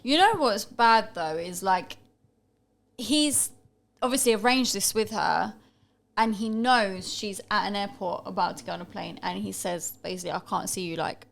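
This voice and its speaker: A woman's voice: mid-range voice, normal speed, vocal fry. A young British woman co-hosting a podcast, casually reacting to a clip in an emphatic, gossipy, opinionated way. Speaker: podcast co-host.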